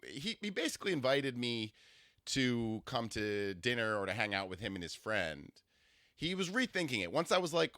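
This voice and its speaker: A man's voice: medium pitch, brisk, no room sound, studio quality. A man hosting a comedy podcast, telling a rambling story with lots of restarts. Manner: rambling, animated, full of fillers and restarts.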